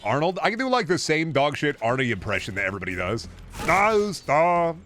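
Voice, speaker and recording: A man's voice: medium pitch, big pitch swings, quick pace, a bit bright, faint music behind. A man streaming a game, chatting casually and joking around with his chat, swearing freely. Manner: joking, swears, riffs on impressions. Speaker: gaming streamer.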